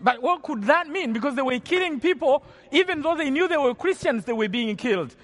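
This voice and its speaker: A man's voice: very high voice, lively intonation, fairly quick, a bit bright. A man from Rwanda giving an earnest testimony as a preacher, often repeating and restarting his phrases. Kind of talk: storytelling sermon testimony. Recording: long hall reverb.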